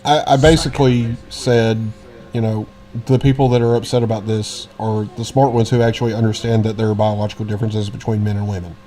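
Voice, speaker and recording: A man's voice: lowish voice, little pitch movement, fairly quick, mellow. Blunt, profane man. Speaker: podcast co-host. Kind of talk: casual podcast banter.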